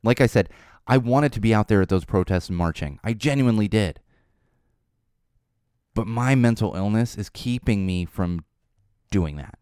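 Casual podcast host, low smooth voice, animated delivery with frequent laughs. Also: male voice, moderate pace, pauses often, no echo, studio quality. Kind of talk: casual monologue.

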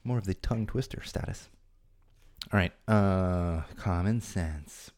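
A man's voice: low-pitched, measured pace, darkish tone. A man hosting his own podcast, chatting casually with jokey asides and rambling restarts. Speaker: podcast host. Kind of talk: casual solo podcast talk. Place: home studio.

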